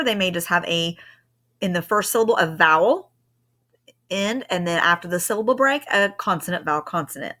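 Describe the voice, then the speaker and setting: A woman's voice: lowish voice, bright, forceful tone. A woman teacher recording a patient, step-by-step spelling lesson for her students.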